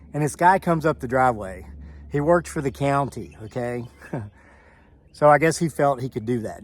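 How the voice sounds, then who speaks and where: A man vlogging outdoors on his homestead, telling a rambling joking story with asides while filming on a camera mic. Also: medium pitch. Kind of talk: casual storytelling vlog.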